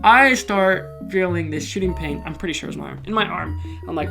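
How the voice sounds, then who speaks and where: A teenage guy hosts a casual storytelling podcast, recorded on a phone mic. He's chatty and goofy, and his pitch jumps high when he acts out quotes. A clear guitar tune plays behind him the whole time. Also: brisk. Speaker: podcast host. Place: loud location. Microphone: phone microphone. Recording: guitar music playing behind.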